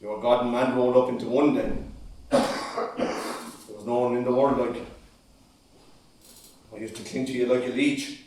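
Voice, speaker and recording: An actor as an aggrieved son, impassioned, mid-pitched, very echoey, distant stage sound. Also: male voice, steady tone, fast talker, a little mellow, slight background noise, close to an everyday voice. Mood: anguished. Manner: impassioned, rising to pleading outbursts. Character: bitter, heartbroken grown son. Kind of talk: amateur stage acting. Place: stage in a large hall. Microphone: far camera microphone. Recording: echoey hall from far off.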